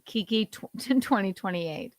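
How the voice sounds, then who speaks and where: A woman's voice: medium pitch, lively intonation, unhurried, no room sound. A woman in her thirties co-hosting a podcast, chatting playfully and breaking into laughter. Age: 30s. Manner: playful, bursts into loud laughter. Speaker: podcast co-host. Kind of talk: casual chat.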